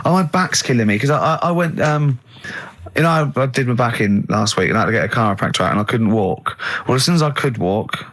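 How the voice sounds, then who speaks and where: English male radio host, mid-pitched, teasing, anecdotal studio chat. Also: lively intonation, fast, a bit bright. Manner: laughs often, teasing, anecdotal. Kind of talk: casual radio banter.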